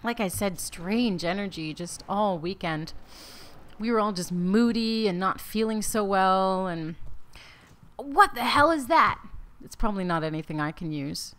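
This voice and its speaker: A woman's voice: medium pitch, normal speed. A woman hosting a Let's Play, giving casual, rambling and candid gameplay commentary aimed at her viewers.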